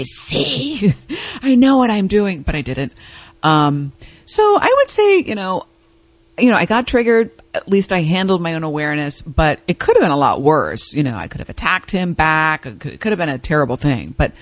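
A woman hosting an advice show, telling personal stories in a candid, animated way with frequent laughs. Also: low voice, no room sound. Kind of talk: casual talk-show monologue.

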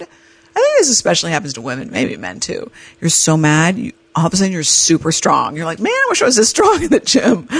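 A woman's voice: lowish voice, dry recording. A woman hosting a podcast who tells a personal story in a storytelling monologue and acts out the other people's lines in quoted voices. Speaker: podcast host.

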